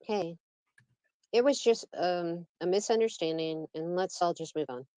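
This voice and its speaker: Woman guest on a live, calm and easygoing, a bit low, dry sound. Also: a little slow, no echo. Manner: calm, soothing, wants to smooth things over. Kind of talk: casual chat.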